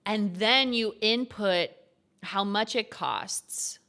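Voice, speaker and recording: A woman's voice: mid-range voice, slow, pushed and bright. A young woman streaming as she codes, thinking aloud and reading lesson text half to herself. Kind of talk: casual coding stream commentary.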